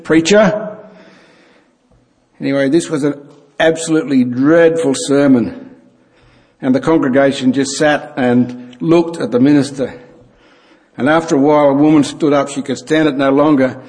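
A man giving a sermon with dry humour, pausing often with fillers. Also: mid-range voice, darkish tone. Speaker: preacher. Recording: long hall reverb.

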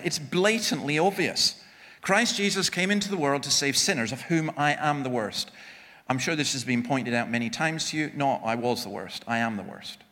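Male preacher, fairly high voice, very lively delivery with wry humor, long hall reverb. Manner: emphatic, self-deprecating humor, frequent restarts. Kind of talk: sermon with personal anecdotes.

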